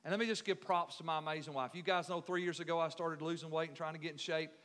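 A middle-aged pastor delivers a sermon in a high, bright voice. He swings from soft, measured passages to loud, forceful preaching. His voice rings with the long reverb of a church hall. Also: fairly even intonation. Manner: builds from quiet to loud preaching.

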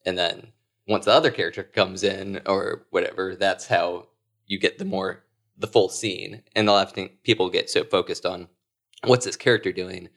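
A man, a sketch comedian, talking through his craft in a casual interview, thoughtful and quick to laugh. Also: low-pitched, fairly even intonation, a bit bright. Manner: thoughtful, laughs often, quoting himself in asides.

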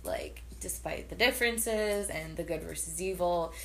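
A woman's voice: lowish voice, unhurried, creaky, fairly bright tone, faint music behind, rough recording. A young woman co-hosting a casual movie podcast, telling stories in a gushing, emphatic way. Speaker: podcast co-host. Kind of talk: casual chat.

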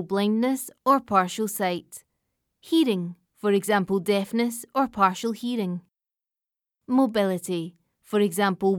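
A woman reading a government survey aloud in a measured, even way. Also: medium pitch, dry recording, studio quality. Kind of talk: scripted narration.

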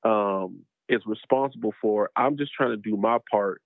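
A man's voice: lowish voice, normal speed, no room sound. Man from South Carolina on a tinny line. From North Charleston, South Carolina. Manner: emphatic, explanatory. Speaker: podcast guest. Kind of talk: conversational interview. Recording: dry, phone-like sound.

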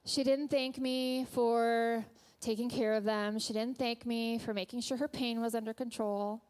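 A woman who works as a nurse, giving an earnest, gentle sermon that she tells like a story in a church. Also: on the high side, fairly even intonation, measured pace, smooth.

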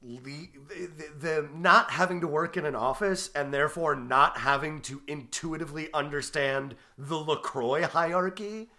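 A man's voice: fairly high pitch, moderate pace, hardly any pauses. A man co-hosting a casual comedy chat, riffing playfully with frequent restarts. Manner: riffing, animated, stumbling restarts. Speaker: podcast co-host.

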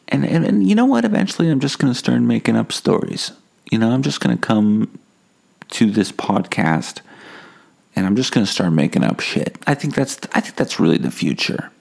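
A man's voice: fairly low pitch, vocal fry. A man hosting a podcast on his own, rambling and swearing as he tells a story and mocks himself. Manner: rambling, profane, self-mocking. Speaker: podcast host.

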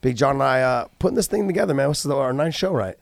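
A man co-hosting a podcast in casual chat, laid-back and rambling, clearing his throat often. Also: medium pitch, animated, fast talker, no room sound, studio quality. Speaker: podcast co-host.

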